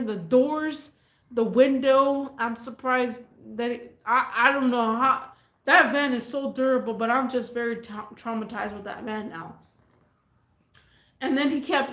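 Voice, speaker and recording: A woman vlogger telling a neighbor story in a rambling, animated, slangy way. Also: high voice, echoey room. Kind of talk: casual storytelling.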